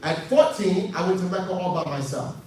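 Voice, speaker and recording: A man from the United States, giving an animated youth lecture that acts out dialogue and builds to shouted emphasis. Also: sits high, a little fast. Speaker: preacher. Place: large hall with audience. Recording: distant, echoey hall with faint noise.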